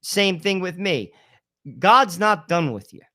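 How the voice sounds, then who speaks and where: A man's voice: sits high, expressive, slow pace, pushed and bright. A man in his fifties co-hosting a podcast, talking casually and emphatically about faith, often repeating "listen" and "you know". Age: 50s. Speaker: podcast co-host. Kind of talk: casual religious talk.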